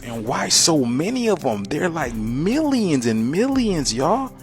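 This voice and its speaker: A man's voice: fairly high pitch, very animated, unhurried, soft background music. A man commenting on a social media clip, keeping up a stream of rhetorical questions to his viewers.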